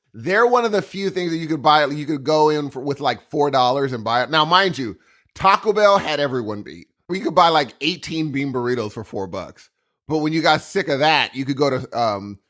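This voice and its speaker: A man's voice: mid-range voice, a bit bright. A young man co-hosting a podcast, rambling in casual chat and acting out little voices. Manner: rambling, jokey, acts out voices. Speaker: podcast co-host.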